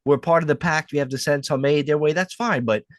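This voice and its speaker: A man's voice: fairly high pitch, brisk, no room sound, clean studio sound. A man from the United States co-hosting a podcast, blunt and profane in casual chat. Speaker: podcast co-host.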